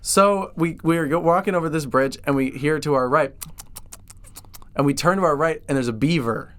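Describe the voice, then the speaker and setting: A man co-hosting a podcast, chatting casually with deadpan, rambling delivery and restarts. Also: fairly high pitch, moderate pace. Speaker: podcast co-host. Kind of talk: casual comedic chat.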